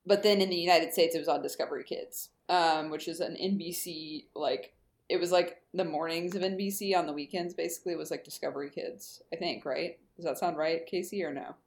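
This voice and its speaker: A woman's voice: low voice, fairly even intonation, brisk. Chatty woman recapping a show. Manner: chatty, many fillers like "like" and "um". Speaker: podcast co-host. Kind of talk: casual chat recapping a TV show.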